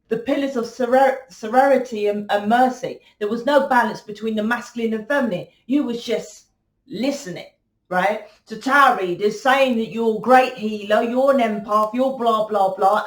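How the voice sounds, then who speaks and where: A woman giving a blunt, confrontational tarot reading, swearing freely and lecturing the listener. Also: on the high side. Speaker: tarot reader. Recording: echoey room.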